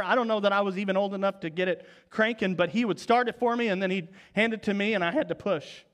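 A man in his forties preaching a sermon, telling stories and dropping to soft, low tones for emphasis. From Oklahoma, US. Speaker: pastor.

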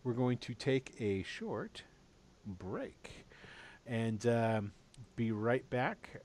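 A man's voice: mid-range voice, big pitch swings, extremely slow, a little mellow. A man narrating as game master in loose, casual storytelling.

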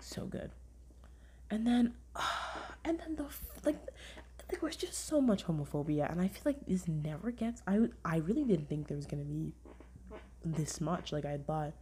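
A woman's voice: deep voice, a little hiss or hum. A young woman hosting a podcast, chatting casually in a rambling way with lots of "like", often dropping to a half-whisper. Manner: rambling, heavy use of "like", animated retelling. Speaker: podcast host. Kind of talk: casual review chat.

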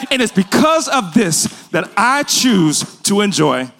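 A young adult man delivers a sermon in a notably high voice. He speaks earnestly, telling a personal story and pressing his point with growing emphasis. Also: sing-song, measured pace, vocal fry, background noise. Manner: earnest, builds to emphatic preaching. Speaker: preacher.

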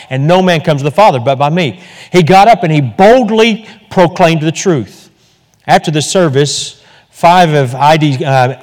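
A man's voice: on the high side, in a large hall. A man preaching a sermon as pastor, emphatic and fervent, repeating words for stress.

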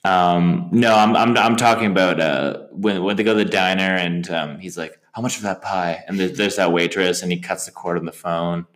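A man co-hosting a film podcast, chatting casually and haltingly, often breaking into high-pitched impressions of movie lines. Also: fairly bright tone, echoey room. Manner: rambling, hesitant, acts out movie lines in high voices. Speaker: podcast co-host.

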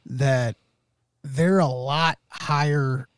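A man's voice: medium pitch, fairly even intonation, extremely slow, smooth, no room sound. A man co-hosting a podcast, talking in a casual, rambling way with many restarts. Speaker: podcast co-host.

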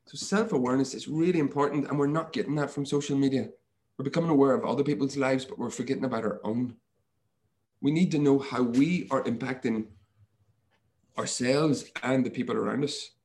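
Man, podcast guest, mindset coach, casual chat, animated storytelling, mid-pitched voice. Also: fairly quick. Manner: animated storyteller who acts out his own thoughts in quoted lines.

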